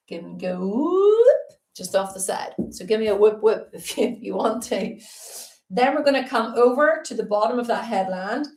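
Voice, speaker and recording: Woman art teacher, live-stream lesson, chatty and upbeat, roomy echo. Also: mid-range voice. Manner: chatty, upbeat, greets viewers while explaining.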